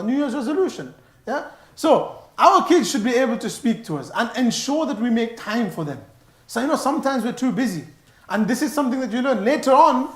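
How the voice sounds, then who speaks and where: A man giving a sermon in a mosque, animated and stressing his words, mixing in Arabic phrases. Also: extremely high pitch. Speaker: mosque speaker. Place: mosque hall. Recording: echoey mosque hall.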